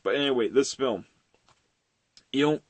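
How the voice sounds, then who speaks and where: A man's voice: medium pitch, measured pace, no echo. A man in his late twenties giving a rambling, profane, casual film review with frequent laughs. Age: late 20s.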